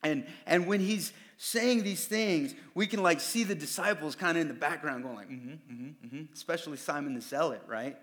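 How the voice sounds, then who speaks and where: A man's voice: a little high, moderate pace, few pauses, a bit bright. Conversational male pastor preaching. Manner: casual, conversational preaching that acts out quoted voices. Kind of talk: sermon.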